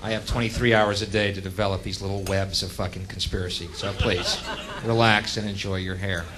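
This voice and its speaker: A man's voice: low-pitched, level tone, a little fast, very noisy. A man doing live stand-up, ranting in a profane, sardonic way. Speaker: stand-up comedian.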